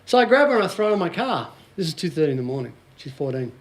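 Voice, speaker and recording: Australian man, 40s, motivational speaker, high voice, jokey storyteller, laughs a lot. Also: big pitch swings, very fast. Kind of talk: live talk to a small audience.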